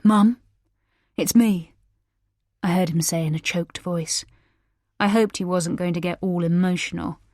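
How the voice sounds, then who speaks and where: Woman narrating a thriller, low and dry. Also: a little mellow, no room sound. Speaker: audiobook narrator. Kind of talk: first-person scripted narration.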